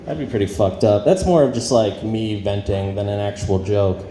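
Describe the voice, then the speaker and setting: On a club stage, a stand-up comedian with a lowish, dark voice at normal speed performs an awkward, self-deprecating set full of ums and trailing off. The roomy club sound includes audience noise and laughter.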